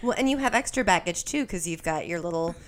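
A woman's voice: fairly low pitch, lively intonation. A woman co-hosting a podcast in casual chat, playful and teasing, always ready with a joke. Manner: playful, teasing, quick jokes. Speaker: podcast co-host.

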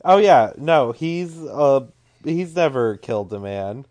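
A man's voice: mid-range voice, lively intonation, takes it slowly, a little mellow. A young man co-hosting a casual movie chat, making dry, wry remarks about the plot. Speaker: podcast co-host.

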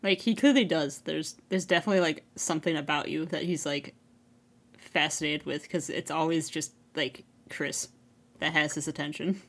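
A woman's voice: low-pitched, fairly even intonation, moderate pace, fairly bright tone. A woman co-hosting a casual fan podcast, laughing often and riffing on her partner's points. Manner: laughs often, agrees and riffs along. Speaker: podcast co-host.

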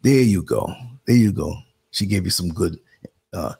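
A man in his sixties with a New York accent, hosting a live show and chatting casually, telling animated stories and acting out quotes in a higher voice. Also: measured pace, gravelly, breathy edge. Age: 60s. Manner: animated storyteller, acts out quotes in a higher voice, laughs often. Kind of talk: casual live-stream chat.

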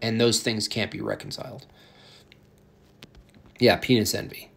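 A man ranting provocatively in a casual comedic podcast style, rambling with halting restarts. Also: lowish voice, vocal fry, a bit bright.

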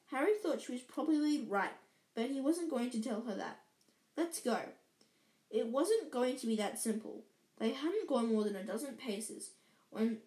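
A woman's voice: a little high, a little mellow. A woman reading a book aloud casually, stumbling and restarting lines as she corrects herself. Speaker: reader. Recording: echoey room.

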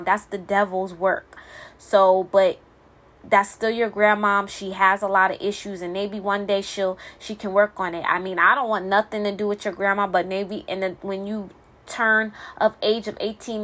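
A woman's voice: medium pitch, fairly bright tone. A single mother venting in a blunt, profane monologue, stumbling and repeating words when heated.

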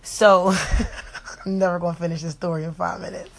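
A young mother tells a story from her own life at home, her voice sitting a little low. She is animated and profane, and she jumps into everyone's lines as she tells it. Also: fast, vocal fry. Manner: animated, profane, acts out the other people's lines. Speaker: mother telling a personal story. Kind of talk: casual storytime to camera.

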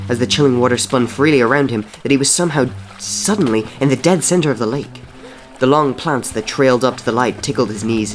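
A man reading a story aloud in an even, measured way, often softly spoken. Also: mid-range voice. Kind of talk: storybook narration.

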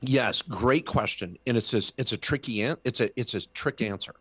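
A man's voice: mid-range voice, a little fast, hardly any pauses, dry recording. A middle-aged man, a tax lawyer guest, talking in casual podcast chat and telling stories with emphasis. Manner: animated, emphatic storytelling.

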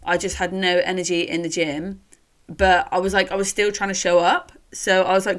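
A woman's voice: on the low side, little pitch movement, moderate pace. A young woman telling her own story in a chatty, candid podcast monologue, swearing casually and using lots of fillers. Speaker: podcast host.

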